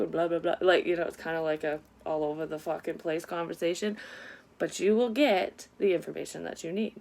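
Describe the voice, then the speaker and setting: Rambling, cursing woman with a low voice. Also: steady tone, brisk, gravelly, a little mellow. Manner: rambling, profane, sighing, talks to the audience. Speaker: psychic medium doing a reading. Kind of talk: casual spoken reading to viewers.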